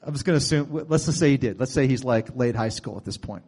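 A man preaching a sermon, retelling a story in a conversational way with sudden loud bursts. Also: medium pitch, fast talker, breathy edge.

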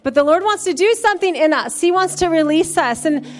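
A woman's voice: very high-pitched, lively intonation, fairly quick, soft background music. A woman pastor preaching a sermon in a church, building to fervent, emphatic calls to praise. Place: church sanctuary.

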